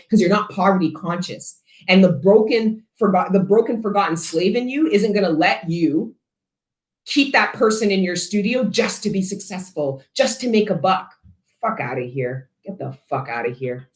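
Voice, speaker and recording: A woman's voice: lowish voice, a bit bright. Lady tarot reader going off, cussing, blunt, lots of side rambles, echoey room. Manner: blunt, profane and fired up; rambling, self-interrupting asides. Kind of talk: collective tarot reading. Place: her studio.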